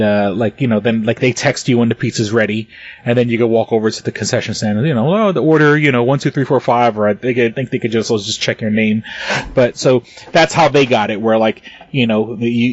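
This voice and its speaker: A man's voice: medium pitch, dry recording. New guy rambling on his podcast, cusses a lot, dry muffled sound. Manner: rambling, swears freely, many restarts. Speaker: podcast co-host. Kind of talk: casual chat.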